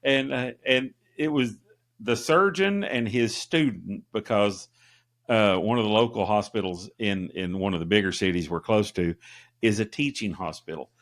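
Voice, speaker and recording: A man's voice: fairly low pitch, moderate pace, a bit bright. A middle-aged man co-hosting a podcast, telling long casual stories full of "uh" and "you know" fillers. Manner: rambling storyteller with many fillers. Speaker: podcast co-host. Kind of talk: casual chat.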